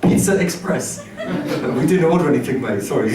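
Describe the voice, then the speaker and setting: A man telling a rambling story casually, animated and laughing through his lines, swearing freely. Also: a little high, a little slow, echoey room, recorded from a distance. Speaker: storyteller and singer. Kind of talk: casual spoken storytelling with guitar.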